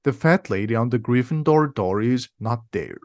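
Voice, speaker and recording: Here a male audiobook reader works through a simplified storybook, his words clear and his pace steady and moderate. He speaks at a mid-range pitch in a dry, close recording free of room sound.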